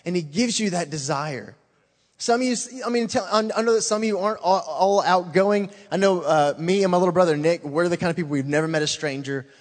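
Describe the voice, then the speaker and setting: Earnest man testifying in a reverberant hall. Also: a little high. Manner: earnest, excited, keeps saying "man". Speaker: church youth worker giving a testimony. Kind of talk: informal testimony to a congregation.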